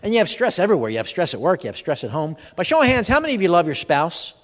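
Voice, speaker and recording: A man's voice: high voice, wildly swooping pitch, rapid-fire. A man giving a comedic health seminar, firing jokey questions at the audience in a large expo hall. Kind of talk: stand-up style seminar talk. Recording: long hall reverb from a live venue.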